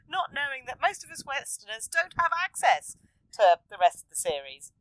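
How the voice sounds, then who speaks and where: A woman hosting a podcast, chatting casually and acting out characters' lines with excitement. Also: normal speed, clean tone, no echo, poor audio. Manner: animated, acts out characters' lines in a high excited voice. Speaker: podcast host. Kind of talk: casual podcast chat recapping an anime.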